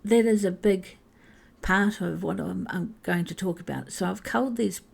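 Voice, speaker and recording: A woman hosting her own podcast, talking candidly and haltingly about her life, with frequent restarts, becoming emotional near tears. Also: on the low side, creaky, darkish tone, slightly rough. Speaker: podcast host. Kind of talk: personal podcast monologue.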